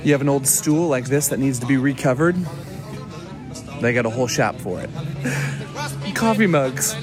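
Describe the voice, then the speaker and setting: A man's voice: mid-range voice, animated, measured pace, over music. A man hosting a travel vlog, chatty and enthusiastic as he tours a large warehouse. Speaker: travel vlogger.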